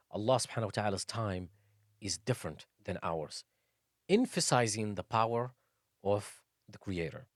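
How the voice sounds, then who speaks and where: Slow, patient male Arabic pronunciation teacher. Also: medium pitch, no echo, studio quality. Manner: repeats each letter sound several times, patient and deliberate. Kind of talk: slow instructional explanation with Quran recitation.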